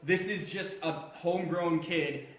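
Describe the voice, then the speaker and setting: A man on a casual podcast, retelling a film with profane, animated outrage. His voice is high and bright, and it carries with a clear echo from the room around the mic. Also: measured pace. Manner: profane, ranting, animated storytelling. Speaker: podcast co-host. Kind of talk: casual chat.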